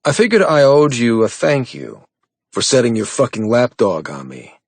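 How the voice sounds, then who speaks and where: A man's voice: mid-range voice, sing-song, moderate pace, slightly rough, dry recording, pitched above the performer's own voice. A male audiobook narrator voicing a menacing, sneering man with an American accent. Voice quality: taunting, sneering. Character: menacing sneering man, the hero's hateful brother.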